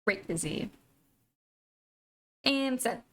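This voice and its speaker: A woman streams a video game live, chatting casually with viewers and gushing about her pets. Her slightly high voice is animated yet extremely slow. Faint music plays in the background.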